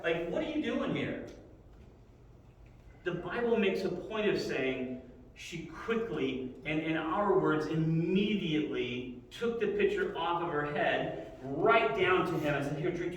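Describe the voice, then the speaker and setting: A man's voice: fairly high pitch, animated, takes it slowly. A middle-aged man teaching a casual Bible lesson in a conversational way, often asking "right?" as he talks. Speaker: Sunday school teacher. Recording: echoey hall, mic far off.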